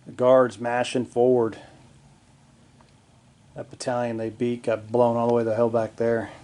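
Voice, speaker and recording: Excitable man calling tabletop dice rolls. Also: medium pitch, a little slow. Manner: excitable, swears and jokes at his own dice rolls. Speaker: wargaming hobbyist narrating a battle report. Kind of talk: casual play-by-play of a tabletop wargame. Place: home basement.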